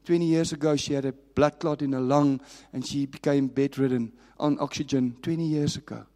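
A man's voice: medium pitch, steady tone, moderate pace. Man, pastor, sermon, impassioned, long hall reverb. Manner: impassioned storytelling, swinging from raised to hushed.

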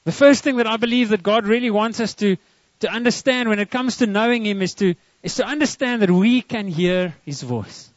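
A man's voice: sits high, brisk, few pauses, no echo, dull audio. A man preaching a sermon to a church congregation, earnest and often repeating words as he starts a line. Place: church service.

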